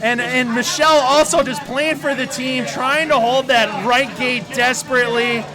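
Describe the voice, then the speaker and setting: A man casting a live tournament game, shouting in hyped excitement, with a cheering crowd and music behind him. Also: extremely high pitch, normal speed. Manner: shouting, hyped, loud exclamations. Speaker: esports caster.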